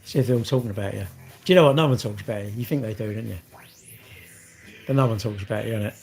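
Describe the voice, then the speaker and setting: A man's voice: lowish voice, quick pace, gravelly, a little mellow, faint music behind. A middle-aged man, rambling in casual vlog chat, swearing and joking. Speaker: vlogger.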